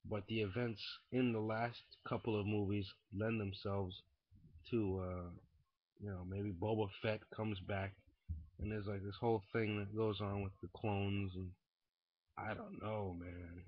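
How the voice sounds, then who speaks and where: A young man ranting casually into a webcam indoors, profane and rambling, swinging from muttering to shouting. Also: on the low side, little pitch movement, a little slow, dry recording. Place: indoors at home. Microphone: webcam mic. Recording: dull lo-fi webcam audio.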